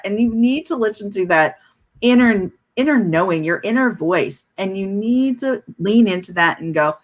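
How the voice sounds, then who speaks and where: A woman's voice: medium pitch, lively intonation, moderate pace. Affirming woman podcast host. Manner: affirming, encouraging, reflective. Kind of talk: casual chat.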